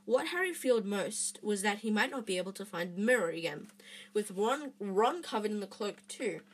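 A woman's voice: medium pitch, animated, normal speed. A woman reading a storybook aloud, with frequent restarts and fillers. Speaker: reader.

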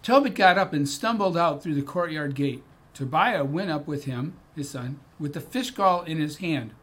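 Deacon, middle-aged man, fairly high voice, chatty storytelling reflection with asides. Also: expressive, normal speed, a bit bright, breathy edge. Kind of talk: casual daily scripture reflection.

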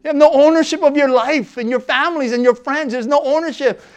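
Preaching at a fairly quick clip, a male pastor keeps his sermon conversational, using fillers and correcting himself as he goes. His delivery shifts from loud, forceful passages to quiet, low-voiced asides.

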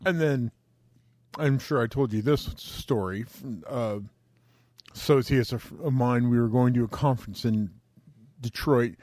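A man's voice: mid-range voice, unhurried, a little mellow, no room sound, clean studio sound. A man in his forties, co-hosting a casual podcast, telling stories with plenty of profanity and exasperation. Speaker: podcast co-host. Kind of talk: casual chat.

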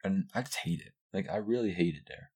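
A man's voice: lively intonation, a little fast, a little mellow, breathy edge. A young man hosting his own podcast, ranting casually and profanely, rambling with constant fillers. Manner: mocks others in high squealing voices. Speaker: podcast host. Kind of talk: casual solo rant.

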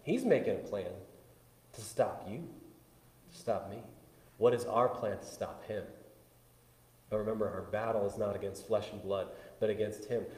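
A man pastor preaching a conversational sermon, swinging between loud bursts and hushed asides. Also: fairly low pitch, moderate pace, long pauses. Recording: echoey hall with long reverb.

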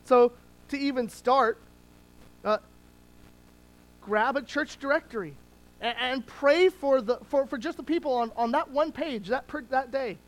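A preacher and parent giving a sermon in a conversational teaching tone, with small restarts, slowing down to stress key words. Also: sits high, animated, poor audio. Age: adult parent.

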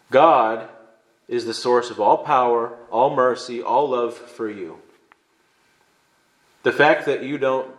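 A man from Illinois preaching a sermon as pastor, conversational and emphatic, building to fervent stress. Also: mid-range voice. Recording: echoey room.

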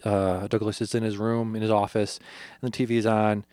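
A man's voice: lowish voice, brisk, no echo. A man co-hosting a podcast, casually retelling a film's plot in detail and acting out the characters' lines with plenty of swearing. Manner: animated storyteller, acts out quotes, swears freely. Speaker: podcast co-host.

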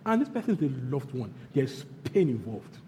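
Nigerian pastor man preaching, lively up and down voice, mellow tone, big hall echo. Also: medium pitch, moderate pace, slight background noise. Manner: animated preaching, repeats phrases, swings between loud bursts and hushed lines. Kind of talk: sermon. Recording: long hall reverb, faint background ambience.

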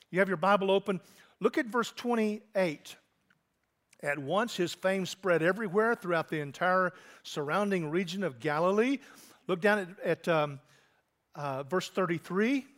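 A man with a notably high voice delivers a sermon in a relaxed, conversational way. He is a middle-aged pastor who keeps turning to his listeners with direct questions. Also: a little slow. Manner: conversational, asks the congregation questions.

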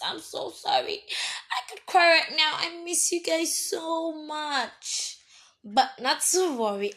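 Chatty young woman podcast host, slightly high. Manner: chatty, apologetic and excitable, self-mocking. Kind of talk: casual solo podcast chat.

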